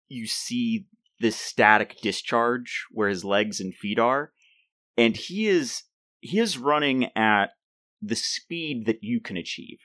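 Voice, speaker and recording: A man acting as game master for a tabletop role-playing game narrates the action haltingly, restarting often as he describes things. His voice is on the low side with a fairly bright tone, recorded at studio quality with no echo.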